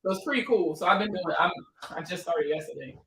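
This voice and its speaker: Host, female, 30s, Maryland accent; bright voice, laughs easily, loose and talkative. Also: fairly low pitch, quick pace, a little hiss or hum, rough recording. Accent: Prince George's County, Maryland. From Maryland, USA. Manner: laughs a lot, chatty and joking. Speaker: host of a credit advice livestream. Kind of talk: casual livestream chat.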